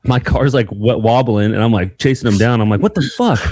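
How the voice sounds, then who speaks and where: A young man co-hosting a podcast, telling a rambling, animated story in casual chat. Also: fairly low pitch, fairly quick, no echo, clean studio sound. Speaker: podcast co-host.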